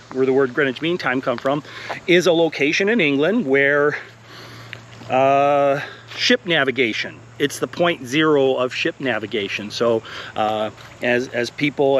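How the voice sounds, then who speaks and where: A man's voice: a little high, fairly bright tone, slight background noise. A man who teaches college, talking earnestly and encouragingly while walking an outdoor path, a little out of breath, with plenty of fillers. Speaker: college instructor. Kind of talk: walking vlog talk.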